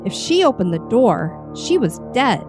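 A woman reading a horror story with measured, expressive narration. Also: a little high, over music. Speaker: story reader.

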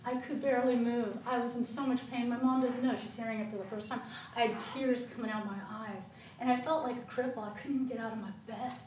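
Woman preaching her testimony at sunday school, high bright voice, echoey room, mic far off. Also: fast, a little hiss or hum. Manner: animated, emphatic storytelling with laughs. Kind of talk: church testimony and teaching. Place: church room.

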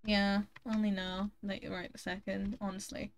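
A woman's voice: medium pitch, flat delivery, moderate pace, slight background noise. A woman streaming a game, chatting casually, swearing freely and teasing her friends. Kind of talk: casual chat while gaming.

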